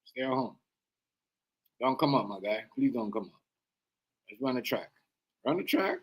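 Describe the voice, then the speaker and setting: A man's voice: medium pitch, moderate pace, heavy background noise. A man with a Jamaican accent hosting a livestream, giving casual reaction commentary in a slangy, emphatic way that keeps circling back with "you know what I mean".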